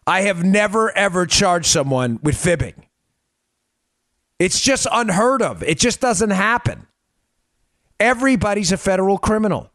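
A man's voice: high-pitched, sing-song, a little slow, long pauses, a bit bright, no echo, clean studio sound. A man hosting a political commentary podcast, a former federal agent, talking in an emphatic, punchy way with rhetorical questions.

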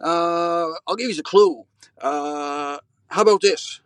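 Man, caller, voicemail, high voice, dry sound. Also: slow, fairly bright tone, clear, resonant tone, no echo. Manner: folksy, says "yous" and "eh". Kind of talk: voicemail message.

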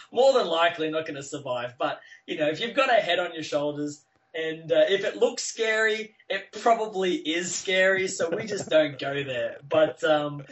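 A man's voice: fairly high pitch, fairly bright tone, distant mic, lo-fi sound. An Australian man in his thirties, chatting easily as a guest, laughing often. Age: 30s. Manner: easygoing, reassuring, laughs often. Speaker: guest, professional bowler. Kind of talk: casual interview chat.

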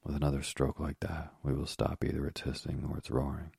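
Male narrator voicing a brave young hero rider, deep gravelly rumble, dry close sound. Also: completely flat delivery, fairly quick, a little mellow, no echo, exaggerated voice. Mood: bold.

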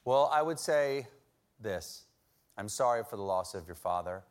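A man's voice: on the low side, lively intonation, unhurried. A middle-aged man hosting a casual question session with a studio audience, telling stories in a playful, self-mocking way. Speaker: talk show host.

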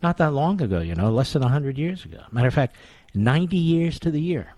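Man, talk radio host, sarcastic, combative, animated intonation, dry studio sound. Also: a little high, quick pace, no echo. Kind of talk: political talk radio monologue.

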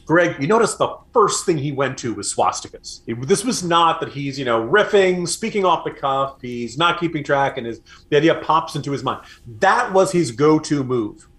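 A man's voice: on the high side, animated, normal speed, fairly bright tone. A man co-hosting a political talk show, chatting in a conversational, wry way. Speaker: podcast co-host. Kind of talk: casual political commentary.

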